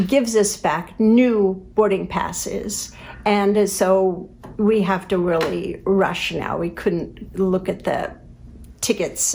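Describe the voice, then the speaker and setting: A woman's voice: mid-range voice, a little hiss or hum. A woman telling a funny travel story in a casual chat, laughing and acting out what people said. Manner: animated, laughing, acts out quotes. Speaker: co-host of a live stream.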